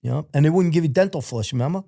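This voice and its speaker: Blunt, profane man with a dark voice. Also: on the high side, rapid-fire, gravelly, no room sound, clean studio sound. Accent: American. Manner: blunt, profane, animated when quoting others. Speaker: guest telling his life story. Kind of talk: casual storytelling interview.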